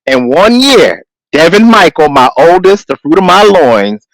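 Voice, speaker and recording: A male comedian with a somewhat high, very lively voice. He tells stories with big swings in pitch and acts out the other characters. The recording is dry and close. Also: a little slow, no room sound, poor audio. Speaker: comedian co-host. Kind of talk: casual comedy radio chat.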